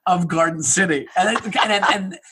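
A man from Long Island talks as a comedian guest, loose and rambling, poking fun at himself. His voice is bright and forward with a husky grain, and he speaks a little higher than most men. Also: moderate pace. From Long Island, New York. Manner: rambling, self-mocking, laughs often. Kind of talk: casual podcast chat.

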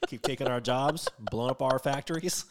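A man's voice: mid-range voice, fairly quick, a crowd in the background. A young man co-hosting a podcast, riffing on the news with crude jokes and swearing. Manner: crude jokey banter, swearing. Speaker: podcast co-host. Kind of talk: casual news chat.

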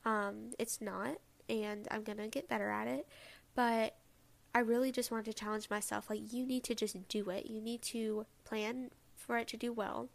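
A woman's voice: a little high, flat delivery, normal speed, vocal fry. A young woman hosting her own podcast, chatting casually and rambling with lots of asides. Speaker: podcast host. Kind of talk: casual solo podcast chat.

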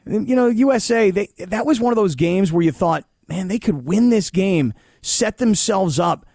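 Male co-host for sports talk; joking, self-deprecating, slightly high voice, dry booth sound. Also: expressive, moderate pace, a little mellow, no echo. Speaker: radio show host.

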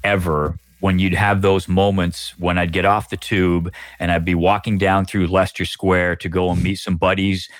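Middle-aged Canadian man, low voice, dry close sound, measured storyteller, podcast guest. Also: little pitch movement, no room sound. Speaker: guest broadcaster.

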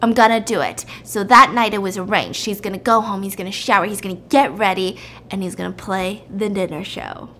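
A woman's voice: mid-range voice, a little fast, a little hiss or hum. A woman hosting, animatedly retelling a movie plot in casual chat. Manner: animated storytelling. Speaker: podcast host.

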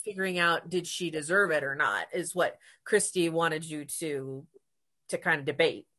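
A woman's voice: low-pitched, moderate pace, bright, forceful tone. A woman co-hosting a casual book chat, talking animatedly, laughing often and acting out characters' lines. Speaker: podcast co-host.

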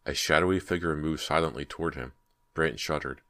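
A man reading a horror audiobook in a steady, measured way. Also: a bass voice. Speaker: audiobook narrator. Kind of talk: scripted horror narration.

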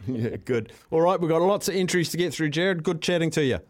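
A cheerful man with a New Zealand accent runs a radio call-in, bantering quickly with callers. His voice sits a little high and sounds close and dry, with no room around it. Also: expressive, no echo. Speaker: radio host. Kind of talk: casual radio call-in chat.

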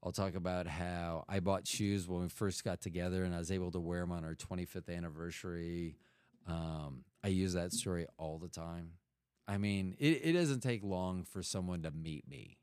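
A man's voice: low voice, normal speed, darkish tone, smooth, no echo, studio quality. A middle-aged man telling a rambling, profane story in casual talk, often cutting himself off. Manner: rambling, profane, self-interrupting.

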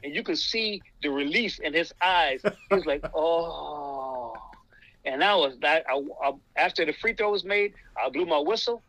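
A man tells a story from officiating a game, with lots of energy and restarts. His voice is high and bright and sounds dry and close. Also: dry recording, poor audio. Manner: animated, repeats words and says "man" a lot. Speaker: basketball referee guest. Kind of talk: casual storytelling.

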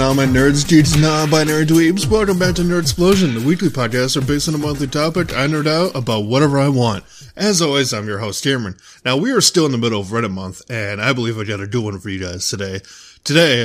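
Young guy podcast host, reads posts out then rants, cusses a lot, medium pitch. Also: a little fast, faint music behind. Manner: ranting, swears freely. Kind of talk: casual podcast chat, reading posts aloud.

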